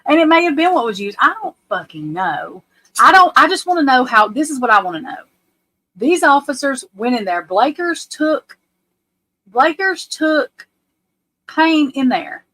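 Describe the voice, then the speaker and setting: This is a woman talking on a livestream. Her voice sits a little high, and she rants bluntly and swears freely. She keeps hammering questions about a court case at her viewers. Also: sing-song, a little slow, pushed and bright, low-quality recording. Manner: blunt, profane, ranting. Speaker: livestream host. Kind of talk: casual livestream commentary.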